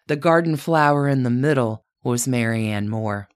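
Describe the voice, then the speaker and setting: Very low-voiced woman narrating a story. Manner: measured, addresses her subject as "you". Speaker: podcast narrator. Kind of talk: scripted narration.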